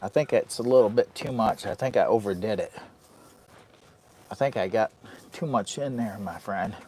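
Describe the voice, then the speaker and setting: A man's voice: lowish voice, moderate pace, a little mellow, slight background noise. Man, camping vlogger, hot and sweaty in a heated tent, rambling live-stream chat, dotes on his dog. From Michigan. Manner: rambling, talks to his dog in a doting baby voice. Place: inside a heated tent in the rain.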